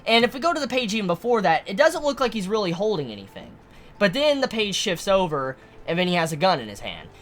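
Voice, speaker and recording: Animated, swearing woman reviewing manga. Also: medium pitch, fast talker, faint music behind. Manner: excited, swears a lot, stumbles on words. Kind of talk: casual commentary.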